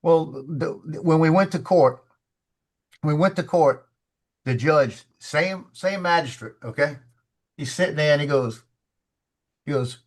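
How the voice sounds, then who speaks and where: A man's voice: a little high, unhurried, pauses often. A man in a casual studio chat, telling a story with restarts and repeated words and acting out the people in it. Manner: animated storyteller, acts out the voices of people in his story.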